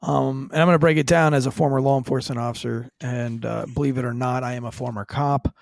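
A man co-hosting a casual true-crime podcast, a former cop who jokes crudely and talks fast and loose. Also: medium pitch, fairly even intonation, vocal fry, dry recording. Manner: crude, joking, quick and loose. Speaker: podcast co-host, former police officer.

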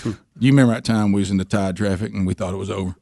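A middle-aged man hosts a talk radio show. He tells his story with lively animation and acts out each quoted line. The sound is dry and close, with no room around it. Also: racing, vocal fry, no echo. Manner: animated storyteller, acting out quoted dialogue with big pitch jumps.

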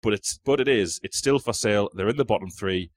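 Quizmaster, male, deep-ish, sweary banter, dead dry studio sound. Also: fairly quick, no room sound. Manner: banter, swearing, reading quotes aloud. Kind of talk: casual podcast quiz. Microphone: studio mic.

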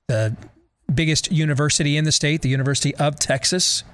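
A man's voice: on the high side, fairly even intonation, brisk, a bit bright. An American man hosting a talk show, delivering a sarcastic monologue full of rhetorical questions and leading questions to his co-hosts. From United States.

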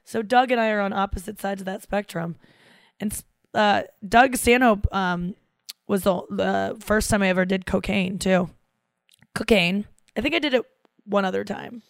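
A woman's voice: medium pitch, moderate pace, gravelly, dry recording, studio quality. A woman in her thirties, a comedian, chatting casually on a podcast and acting out the people she quotes. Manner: animated storyteller who acts out quoted voices. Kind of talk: casual chat.

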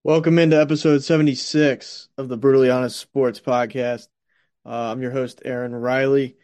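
Man, raspy voice, casual sports podcast host, rambling with fillers, smooth resonant tone. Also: medium pitch, level tone, moderate pace, darkish tone, no echo. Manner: rambling, with many fillers and restarts. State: recovering from a stomach bug.

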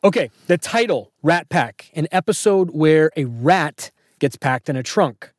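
A man's voice: on the high side, animated, a little slow, no room sound, studio quality. A man hosting a podcast in casual chat, wry and joking, packed with trivia. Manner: wry, joking, fact-heavy. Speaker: podcast host.

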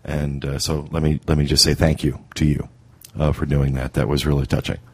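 Very deep, husky male podcast host. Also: flat delivery, a little mellow. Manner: halting, full of fillers and restarts. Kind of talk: casual podcast talk.

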